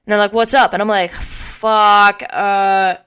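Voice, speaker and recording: A woman in her early twenties on a podcast, telling a long story in casual chat, animated and swearing often. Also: medium pitch, a little fast, smooth. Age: early 20s. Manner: animated, swearing often, acting out quotes with laughs. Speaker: podcast co-host.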